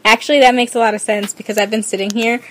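A woman's voice: on the high side, fairly even intonation, fast. Woman podcast co-host, casual and giggly, talking over a faint background hiss. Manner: chatty, laughs often, apologetic asides. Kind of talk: casual chat recap of a TV show.

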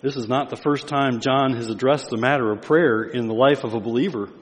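A man's voice: medium pitch, a little fast, big-room sound. An older man preaching a sermon as pastor, with emphatic build-ups on key phrases.

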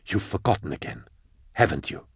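A man voicing an exasperated male inquisitor in an audiobook, pleading with a deluded old colleague, lifting his voice above his usual low register. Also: lively intonation, normal speed, breathy edge, no echo, clean studio sound, heavily acted. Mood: weary pleading. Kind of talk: audiobook character voice.

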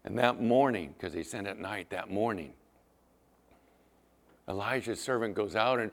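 A man's voice: fairly low pitch, moderate pace, gravelly. A man preaching a sermon as pastor, acting out Bible scenes in different voices.

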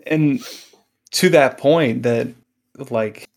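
A man talking casually on a podcast panel, his voice sitting at an ordinary middle pitch. He rambles and restarts his words while he works toward a point. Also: very slow, vocal fry. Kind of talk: casual chat.

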